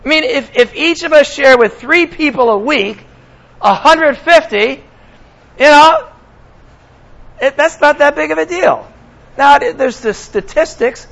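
A man's voice: very high voice, a little slow, vocal fry, pauses often, a bit bright, poor audio. A man preaching a sermon as pastor, talking conversationally to his congregation and slipping in sarcastic asides.

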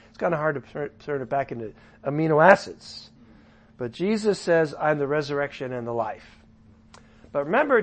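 Chatty man teaching the Bible. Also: on the high side. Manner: chatty, paraphrases scripture loosely with asides; lively shifts from loud to soft. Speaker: Bible study leader.

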